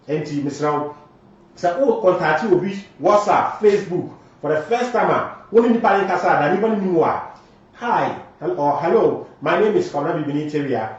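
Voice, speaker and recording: A man's voice: a little high, expressive, a little fast. A man with a Ghanaian accent hosting a live show, switching between Twi and English and reading out viewer comments with emphatic delivery. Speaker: morning show host. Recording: very echoey, distant, dull lo-fi sound.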